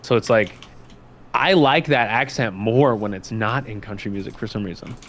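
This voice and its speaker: A man's voice: lowish voice, moderate pace, fairly bright tone. A young man from Nashville with a light Southern accent, rambling loosely and swearing in casual chat. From Nashville, Tennessee. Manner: rambling, swears, laughs at his own stories. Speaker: co-host guest.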